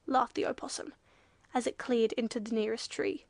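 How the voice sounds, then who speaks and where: A woman narrating a children's storybook, lively and playful, changing her voice for the animals. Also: normal speed, no echo. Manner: lively, shifts pitch for quoted animals. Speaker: audiobook narrator.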